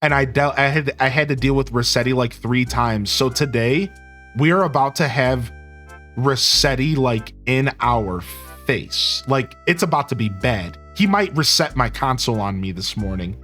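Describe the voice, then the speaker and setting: A man streamer giving excitable, casual gameplay commentary and talking to his chat. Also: medium pitch, normal speed, soft background music. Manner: excitable, talks to chat, says "dude" a lot.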